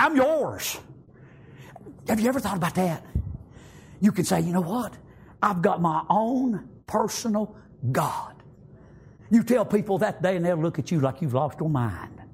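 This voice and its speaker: A middle-aged man preaching a sermon, shouting in bursts, with folksy grammar and frequent amens. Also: sits high, gravelly, husky.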